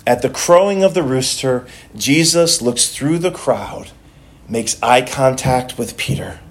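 A man's voice: medium pitch, expressive, measured pace. A male pastor preaching a sermon in a conversational way, often restarting and repeating words as he goes.

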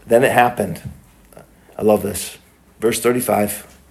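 A man preaching a sermon, reading scripture and building from quiet, low passages to high, shouted cries. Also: steady tone, unhurried, vocal fry.

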